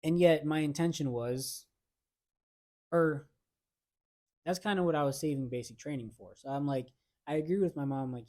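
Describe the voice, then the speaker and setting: A man's voice: on the high side, moderate pace, pauses often, mellow. A young man co-hosting a podcast, telling a personal story in slangy casual chat with acted-out quotes. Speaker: podcast co-host.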